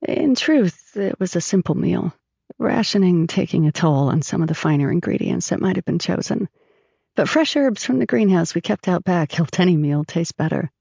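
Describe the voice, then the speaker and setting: A woman reads a first-person audiobook, her voice gravelly and mid-pitched. She tells the story in a measured, even manner. The recording is dry and slightly dull. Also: no room sound. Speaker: audiobook narrator.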